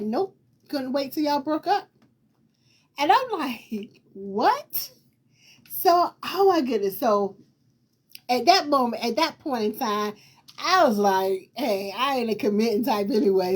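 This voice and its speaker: A high-voiced woman host, telling her own story in a casual, lively way. She has a distinctive voice and keeps repeating herself and acting out what people said. Her talk wanders and loops back. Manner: animated, repetitive retelling with quoted dialogue and laughter.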